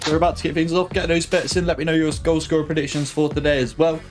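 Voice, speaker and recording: A man's voice: fairly high pitch, flat delivery, fast. A young man chatting casually on a live football watch-along stream, full of slang and reading comments from his chat. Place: home. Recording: faint music behind.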